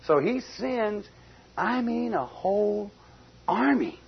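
A man preaching a folksy expository sermon, swinging between loud emphasis and quiet asides. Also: high-pitched, expressive, takes it slowly, breathy edge. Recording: dull lo-fi recording.

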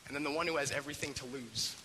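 A man's voice: mid-range voice, rapid-fire, long reverb tail, a little hiss or hum, low-quality recording. A man animatedly retelling a film scene, acting out the characters as he goes. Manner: expressive, acts out the characters' voices. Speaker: storyteller.

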